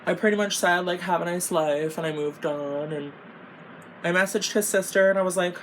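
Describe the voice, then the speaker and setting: A woman's voice: on the low side, normal speed, slight background noise. A young woman telling a storytime while doing her makeup, casual and exasperated, swearing constantly and saying "like" a lot. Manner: profane, exasperated and rambling, lots of "like". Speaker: beauty vlogger.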